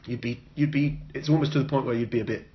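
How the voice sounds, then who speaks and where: A man co-hosting a casual podcast chat, wry and dry, often breaking off and restarting sentences. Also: steady tone. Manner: wry, dry joking, talks in halting restarts. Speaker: podcast co-host. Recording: muffled low-fi sound with some noise.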